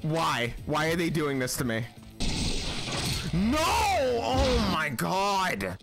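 A man narrates his own gameplay with a fairly high voice and a wildly swinging pitch. He curses freely and bursts into shouts of disbelief. A song plays loudly behind him. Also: extremely slow, vocal fry, loud music behind the voice. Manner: profane, excitable, shouting reactions. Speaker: gaming channel host. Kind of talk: gameplay commentary.

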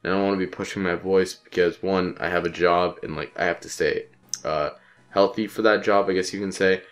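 Congested deep-voiced young gamer guy. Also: steady tone, fairly quick. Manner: rambling, profane, offhand. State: congested with a cold. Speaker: let's play commentator. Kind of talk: casual gameplay commentary.

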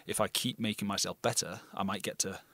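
A British actor telling stories as a guest in a casual interview, blunt and swearing freely. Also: male voice, lowish voice, fairly even intonation, fairly quick, bright, forceful tone, breathy edge, no room sound. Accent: non-RP British. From Britain.

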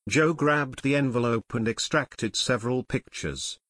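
Male audiobook narrator, steady delivery, medium pitch, dry booth recording. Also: unhurried, no echo.

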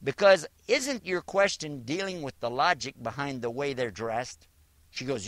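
A man's voice: mid-range voice, expressive, normal speed, a bit bright, dry recording. A man from Virginia giving a religious teaching talk as an Islamic lecturer, telling a story and acting out the dialogue. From Virginia, USA.

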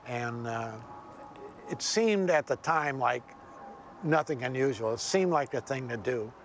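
An older man, a former helicopter pilot, recalling a crash calmly in a documentary interview. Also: medium pitch, unhurried, a little hiss or hum.

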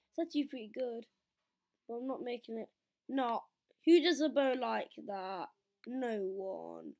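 Woman, let's-play commentator, high voice, unhurried, playful. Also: big pitch swings, darkish tone. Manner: playful, chatty, talks to the game characters. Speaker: gameplay commentator.

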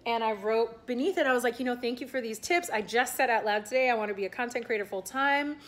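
A woman's voice: a little high, fast. A young woman chatting casually in a vlog, rambling with lots of fillers and restarts. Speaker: vlogger and aspiring content creator. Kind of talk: casual talking-head vlog.

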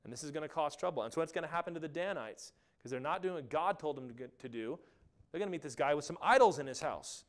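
A man preaching a sermon as pastor, animated and acting out quotes along the way. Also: a little high, fast talker. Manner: animated, acts out quotes and asides.

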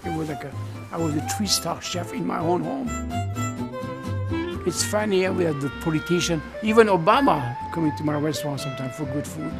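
A man's voice: a little high, a little fast, vocal fry, over loud music. A man with a French accent, a chef, talking casually and enthusiastically about his cooking. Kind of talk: casual interview talk.

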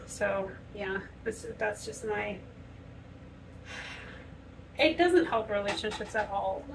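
A woman's voice: medium pitch, animated, slow pace, long pauses, recorded from a distance, a little hiss or hum, rough recording. A woman vlogger talking earnestly and conversationally while doing her makeup in a home bathroom, often acting out quoted speech. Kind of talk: casual chat to camera while doing makeup.

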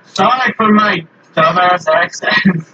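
A gamer chats casually during an online game, joking and poking fun at himself with frequent laughter. His voice sits high, with a sharp tone and a slow pace. A distant lo-fi mic adds faint hiss.

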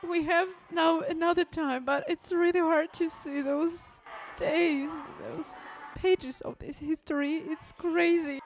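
High-voiced woman reacting to a film. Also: fairly even intonation, slow pace, a little hiss or hum. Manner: exclaiming and addressing viewers as guys. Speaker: movie reaction host. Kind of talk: emotional movie reaction commentary.

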